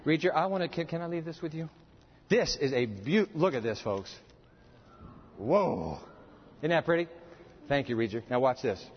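Preacher, male, high folksy voice, long hall reverb, slightly muffled. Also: moderate pace, pauses often, slightly rough. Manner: folksy, animated, jokes with the audience. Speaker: pastor. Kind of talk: sermon with live demonstration. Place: church hall with audience.

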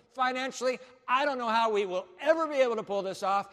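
A man preaching a sermon as pastor, animated, swinging from loud declarations to hushed asides. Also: very high voice, a little fast, in a large hall.

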